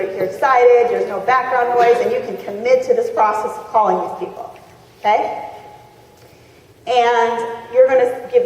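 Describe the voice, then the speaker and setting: Lively woman speaking in an echoey hall. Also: a little high. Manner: lively, chatty, acts out phone calls. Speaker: motivational speaker. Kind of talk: live seminar talk to a crowd. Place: large convention hall. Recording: echoey hall recorded from far off.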